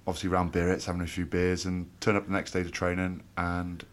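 A man, former rugby player, co-hosting a podcast and reminiscing in relaxed chat. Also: deep voice, brisk. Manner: relaxed reminiscing, teasing asides.

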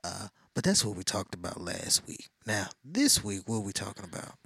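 Young guy cohosting a chill advice podcast, real deep and gravelly, goofing around, dry close sound. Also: very animated, normal speed, a bit bright, no echo. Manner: playful, puts on a deep smooth crooning voice. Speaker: podcast co-host. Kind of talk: casual relationship advice chat.

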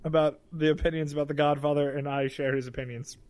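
A man's voice: fairly high pitch, little pitch movement, fast talker, darkish tone. A young man co-hosting a film podcast, arguing bluntly and swearing in casual banter. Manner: blunt, argumentative, profane. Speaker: podcast co-host. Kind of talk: casual chat.

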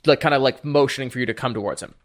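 A man's voice: medium pitch, racing. A man running a tabletop role-playing game as game master, casual and teasing, with a lot of fillers.

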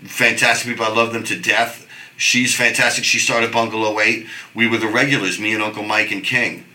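Rambling New man, bright voice. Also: on the low side, fairly quick, reverberant, low-quality recording. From New York. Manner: animated, swearing, rambling with restarts. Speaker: guest. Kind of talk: casual storytelling chat.

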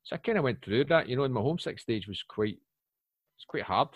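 A British man in his forties, chatting casually and telling rambling, animated stories with lots of fillers. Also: medium pitch, a little fast, breathy edge, no echo, highs cut off. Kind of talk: casual chat. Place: lives in Poland.

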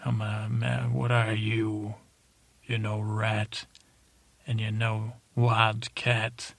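A man voicing a touchy female wildcat with giant teeth in a meandering bedtime story, speaking haltingly. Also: on the low side, completely flat delivery, gravelly, fairly bright tone, no echo, full character voice. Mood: grumbling. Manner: halting, wandering speech. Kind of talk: sleep podcast storytelling.

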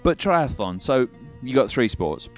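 A man's voice: mid-range voice, big pitch swings, measured pace, faint music behind. A man co-hosting a podcast, chatting casually and sarcastically, rambling with many restarts. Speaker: podcast co-host. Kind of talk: casual chat.

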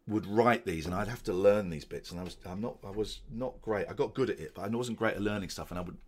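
A man chatting casually about his old comedy show, animated and given to silly voices. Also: fairly low pitch, fast, breathy edge. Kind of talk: casual chat.

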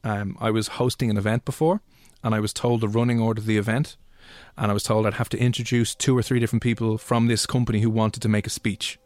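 Guy co-hosting radio, rattling off stories quick, dry close sound. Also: lowish voice, little pitch movement, darkish tone, dry recording. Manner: quick, storytelling, self-mocking. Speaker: radio co-host. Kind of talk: casual chat.

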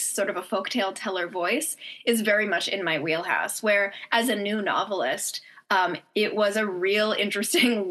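A woman's voice: mid-range voice, bright, forceful tone. A woman author chatting enthusiastically in an interview, with frequent fillers. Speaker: novelist guest. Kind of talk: casual interview chat.

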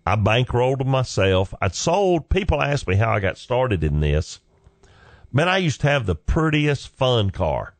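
A man's voice: medium pitch, big pitch swings, measured pace, no echo. A middle-aged man, a comedian and former pastor, telling stories in a folksy, joking way with asides to the listener. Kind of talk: storytelling talk.

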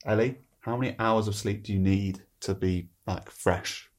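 A woman reading out quickfire quiz questions on a podcast, brisk and stifling laughs. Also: very deep voice, fairly even intonation, darkish tone. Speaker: quiz master.

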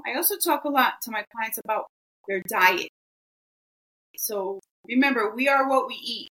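Woman, bright voice, a bit high, earnest, lots of fillers, faint crowd chatter behind. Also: moderate pace, rough recording. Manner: earnest, emotional, many "you know" fillers. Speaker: guest, esthetician. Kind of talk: interview answers, storytelling.

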